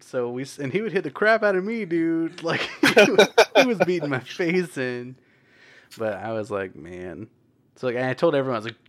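Animated, laughing man telling game stories. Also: mid-range voice, creaky. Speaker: tabletop game player. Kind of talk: casual chat.

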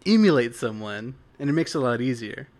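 A man's voice: mid-range voice, lively intonation, brisk, darkish tone. Young guy rambling on about role-playing, lots of likes and you knows, casual chat. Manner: rambling, full of "like" and "you know". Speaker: podcast co-host.

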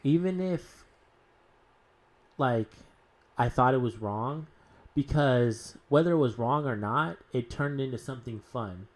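A man talks loosely about playing tabletop role-playing games, circling back on himself with fillers. His voice sits at an ordinary middle pitch. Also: lively intonation, unhurried, long pauses. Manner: rambling, full of "like" and restarts. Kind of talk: casual podcast chat.

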